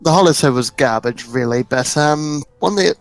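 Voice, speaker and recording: A man co-hosting a podcast in casual chat, speaking hesitantly with lots of pauses, a little away from the mic. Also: a little high, no echo, poor audio. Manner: hesitant, many ums.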